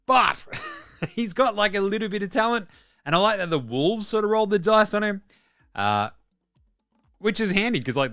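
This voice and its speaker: This is an Australian man hosting a casual basketball show, blunt and profane as he wanders through his opinions. His voice is bright and pushed forward, sitting a little high for a man. The sound is close and dry, with soft music under it. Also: clean tone, dry recording. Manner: rambling, sweary and blunt. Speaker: podcast host. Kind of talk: casual sports commentary.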